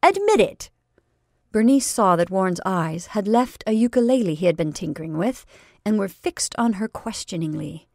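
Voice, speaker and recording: Lady reading a story out loud, bit of vocal fry, dry close sound, measured. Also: mid-range voice, no echo. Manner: measured, expressive narration. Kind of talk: reading a classic story aloud.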